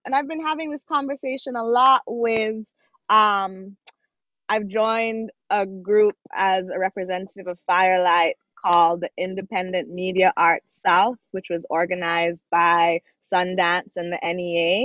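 A woman from Jamaica, a documentary film organization representative, answering interview questions thoughtfully with frequent pauses and "um.". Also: mid-range voice, fairly bright tone, no echo. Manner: thoughtful, with frequent "um" and "you know". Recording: dull, dry sound.

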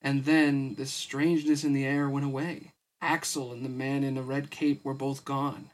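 A man's voice: medium pitch, flat delivery, normal speed. A tired man reading a novel aloud for his podcast, with casual, weary asides. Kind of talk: audiobook-style story reading.

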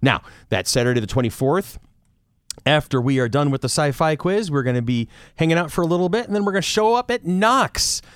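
A man hosting a podcast, chatting in a relaxed way and reading out announcements. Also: on the high side, a little fast, smooth. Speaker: podcast host. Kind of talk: casual podcast chat.

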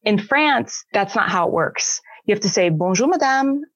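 A woman explains things in a lively, chatty way and acts out little everyday scenes. Her audio is slightly dull and dry, with no room sound. Her pitch sits mid-range. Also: normal speed, no room sound. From United States. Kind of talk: casual podcast conversation.

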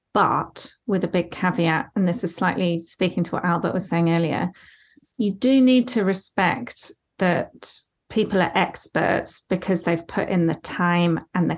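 A woman's voice: fairly low pitch, a little slow. A woman artist speaking on a panel discussion, earnest, with many restarts.

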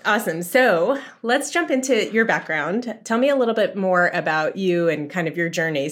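Woman host, friendly and easygoing, slightly low pitch. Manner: friendly, easygoing, laughs often. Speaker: podcast host. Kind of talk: casual interview hosting.

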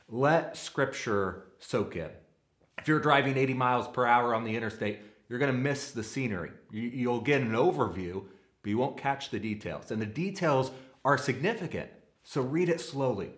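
Earnest man teaching in an echoey room. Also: mid-range voice. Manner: earnest, practical, uses homely analogies. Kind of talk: sermon-style teaching.

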